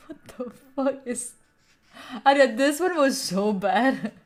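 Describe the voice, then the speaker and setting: Lively playful woman chatting with her stream. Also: sits high, slow pace. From Italy. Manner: playful, swears and laughs often, talks to chat. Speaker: study streamer. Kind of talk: casual live-stream chat.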